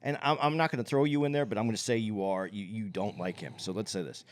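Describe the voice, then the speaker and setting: A man's voice: lowish voice, fast. A man co-hosting a podcast in casual chat, opinionated, thinking aloud and circling back to his point. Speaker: podcast co-host.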